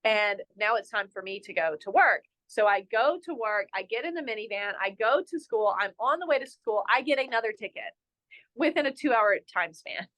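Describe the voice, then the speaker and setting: A young woman from North Carolina, a resort general manager, tells a story as a podcast guest in an animated, self-mocking way and fills her talk with "like.". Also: a little high, normal speed. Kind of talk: casual interview storytelling.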